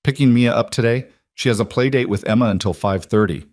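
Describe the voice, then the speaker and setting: A man's voice: medium pitch, a little fast, darkish tone, no room sound, studio quality, natural voice. A man voicing a wary woman who talks in a curt, knowing way.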